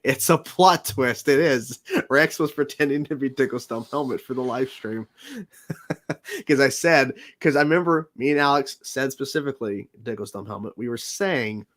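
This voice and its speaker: A man's voice: medium pitch, a bit bright. Rambling man chatting on a livestream. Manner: laughs often, rambling with restarts and fillers. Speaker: livestream host. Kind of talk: casual livestream chat.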